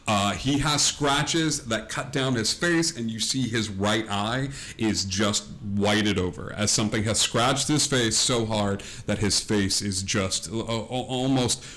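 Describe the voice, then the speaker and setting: A man's voice: fairly low pitch, a little slow, hardly any pauses, a bit bright. A man narrating a tabletop game as game master, meandering along with many fillers.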